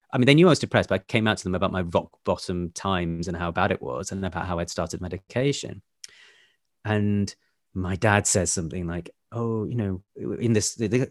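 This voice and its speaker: A man's voice: low-pitched, dry recording, clean studio sound. A man, an actor and A&E doctor, candidly telling personal stories in conversation, laughing often and acting out family dialogue. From United Kingdom.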